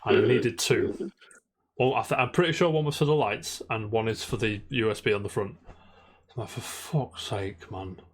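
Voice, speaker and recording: A man's voice: medium pitch, fairly quick. A man co-hosting a casual podcast, telling a long rambling story and swearing constantly. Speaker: podcast co-host. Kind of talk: casual chat.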